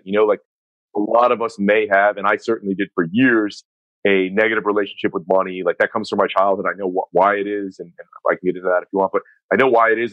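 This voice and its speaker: A man's voice: lowish voice, no room sound, highs cut off. A middle-aged man from the Northeastern United States, talking candidly as a coach and guest in a casual podcast conversation, with lots of fillers. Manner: candid, animated storytelling with many fillers.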